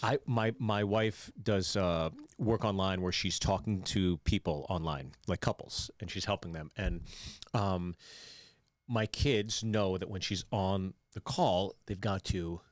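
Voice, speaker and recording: A middle-aged man co-hosting a podcast, telling relaxed anecdotes about his kids and laughing at them. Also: low-pitched, measured pace, no echo, clean studio sound. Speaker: podcast co-host. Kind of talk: casual chat.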